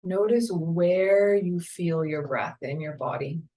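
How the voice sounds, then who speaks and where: A woman yoga teacher leading a guided meditation in a slow, calm, soothing way. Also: on the low side, rough recording. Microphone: camera mic, seated on a chair.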